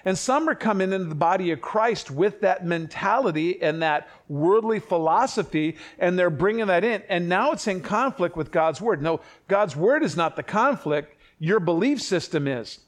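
An older man preaching a sermon in a conversational way, with family anecdotes and quick self-corrections. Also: sits high, lively intonation. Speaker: pastor.

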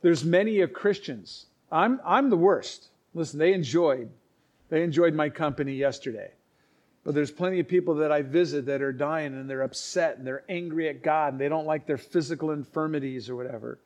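A man preaching, telling stories in an earnest, halting way with many restarts and acted-out quotes. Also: fairly high pitch, darkish tone, lo-fi sound. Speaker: pastor. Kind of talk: sermon storytelling.

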